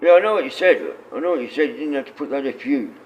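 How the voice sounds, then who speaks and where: A man's voice: medium pitch, lively intonation, fast talker, dull audio, slight background noise. A man chatting casually on a livestream, rambling and swearing freely.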